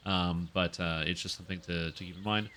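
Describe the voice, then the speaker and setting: Very bright-voiced chatty male streamer. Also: low voice, steady tone, a little fast, a little hiss or hum. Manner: rambling and self-correcting, chatty. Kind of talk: casual gaming stream chat.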